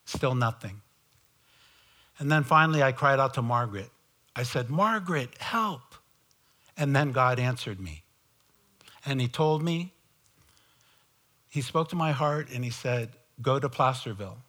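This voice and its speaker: A man telling his conversion story in a sermon, slow and halting, with many fillers and restarts. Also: mid-range voice, fairly bright tone. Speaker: preacher giving testimony. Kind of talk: sermon testimony.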